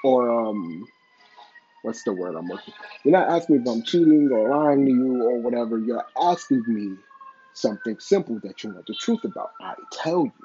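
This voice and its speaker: Male commentator, mellow and a bit raspy, swearing freely while speaking his mind, on a dull lo-fi mic. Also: mid-range voice, animated, normal speed, a little hiss or hum. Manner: blunt, profane, opinionated. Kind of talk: casual opinion commentary.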